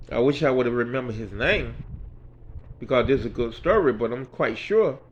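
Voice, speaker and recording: A man's voice: mid-range voice, fairly bright tone. A man in his sixties rambling through a personal story in a casual, folksy way, quoting himself and others. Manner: rambling, folksy, quotes people with "I say". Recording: dull lo-fi recording.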